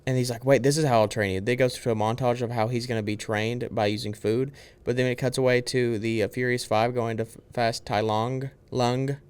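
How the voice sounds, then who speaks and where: Young man, podcast co-host, casual movie chat, rambling plot recap, smooth clear voice. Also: mid-range voice, fairly even intonation, a little fast, few pauses, darkish tone.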